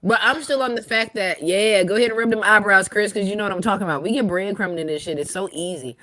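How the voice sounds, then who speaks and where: A woman's voice: mid-range voice, fast, sharp tone, dry recording. A young woman co-hosting a casual podcast chat, ranting in a fiery, profane way. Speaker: guest co-host.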